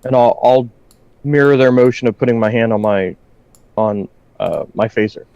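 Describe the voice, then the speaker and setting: A man playing in a tabletop game, calm and matter-of-fact. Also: mid-range voice, normal speed, smooth, dry recording. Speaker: player. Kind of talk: tabletop role-play. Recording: dull dry lo-fi mic.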